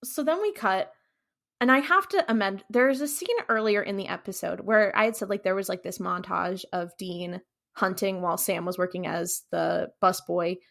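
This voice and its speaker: A woman's voice: medium pitch, moderate pace, vocal fry, a bit bright. A young adult woman co-hosting a casual podcast, recapping scenes animatedly and acting out the characters' lines. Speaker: podcast co-host. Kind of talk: casual rewatch podcast chat.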